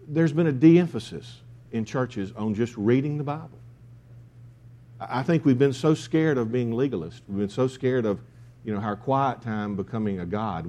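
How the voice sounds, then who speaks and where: A man's voice: mid-range voice, warm tone. A man preaching a sermon, emphatic, with key phrases repeated. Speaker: pastor.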